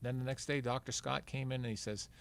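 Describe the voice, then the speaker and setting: A man's voice: mid-range voice, fairly even intonation, quick pace, gravelly, fairly bright tone. An older man, a veteran marathon runner, telling a long story casually as a podcast guest and acting out what people said. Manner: rambling, acts out quoted dialogue.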